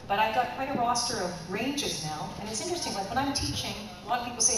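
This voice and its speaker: Animated woman in an echoey hall. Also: fairly high pitch, fast. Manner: animated, playful, slips into character voices. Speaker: voice actor and voice director. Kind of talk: convention Q&A panel. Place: large convention hall. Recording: echoey hall from far off, noisy.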